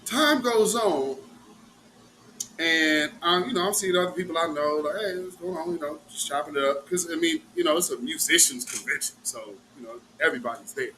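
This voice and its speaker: Middle-aged male host; bright, forceful delivery, rowdy profane storyteller. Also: on the high side, normal speed, a little hiss or hum. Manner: animated, profane, acts out quotes. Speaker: live show host. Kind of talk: casual storytelling rant.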